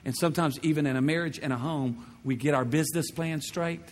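A male pastor delivers a sermon in a fairly high voice, driving points home with repetition and rhetorical questions. His voice carries through a church with a long hall reverb. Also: a little fast.

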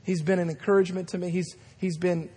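A man's voice: high-pitched, flat delivery, quick pace, warm tone, husky. A man in his thirties preaching a sermon as a guest pastor, telling stories dramatically with acted-out voices. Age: 30s. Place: large church sanctuary. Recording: long hall reverb.

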